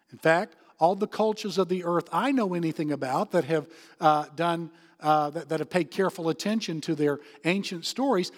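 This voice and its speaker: High-voiced preacher in a reverberant hall. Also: male voice. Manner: emphatic, repeats key phrases, drops to soft tones for comfort. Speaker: pastor. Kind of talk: sermon. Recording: long reverb of a large hall.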